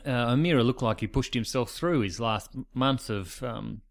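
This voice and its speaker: An Australian man chatting on a podcast at a middling pitch. He makes dry, wry asides in a relaxed, conversational way. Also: moderate pace, creaky. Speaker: podcast co-host. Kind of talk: casual chat.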